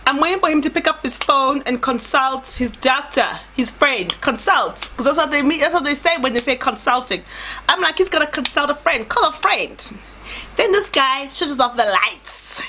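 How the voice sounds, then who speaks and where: Animated young woman telling a story. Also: sits high, normal speed, slight background noise. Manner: animated, dramatic, chatty, addresses viewers as "guys". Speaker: vlogger. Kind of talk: storytime vlog.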